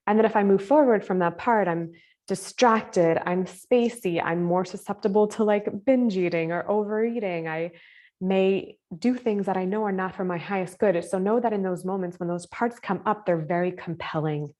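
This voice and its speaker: Over a video call, a woman leads a live online masterclass on spiritual topics. She speaks gently and casually at a moderate pace, her medium-pitched voice peppered with filler words.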